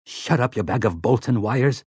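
Man doing a whiny, rough-spoken traitor father. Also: mid-range voice, normal speed, darkish tone, no room sound, clean studio sound, natural voice. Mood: angry.

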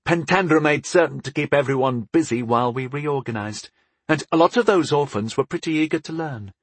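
A man voicing a brisk female captain who speaks approvingly of her young charges. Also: fairly high pitch, breathy edge, no room sound, pitched above the performer's own voice.

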